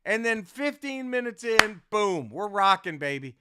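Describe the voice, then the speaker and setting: A man's voice: sits high, very animated, measured pace, very noisy. A man, a comedian, telling a story casually in a rambling, profane way, with many restarts.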